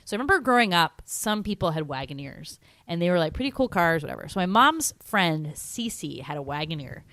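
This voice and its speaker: A woman's voice: lowish voice, big pitch swings, brisk, fairly bright tone, no room sound. A woman co-hosting a podcast, telling a meandering story in casual chat with lots of "like"s. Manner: meandering storyteller, chatty with many "like"s. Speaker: podcast co-host.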